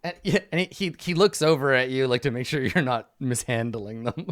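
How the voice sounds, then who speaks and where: A man's voice: mid-range voice, a little fast, a bit bright. A man narrating a tabletop game as game master, playful and laughing often.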